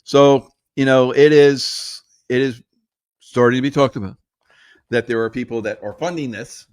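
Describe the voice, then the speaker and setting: A man's voice: medium pitch, fairly even intonation, normal speed, darkish tone, dry recording, studio quality. A man hosting a casual political commentary show, sarcastic and laughing through mocking asides.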